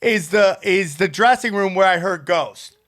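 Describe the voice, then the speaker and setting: A man's voice: high voice, unhurried, fairly bright tone. A man hosting a podcast, telling a long, profane anecdote in casual chat. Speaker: podcast host.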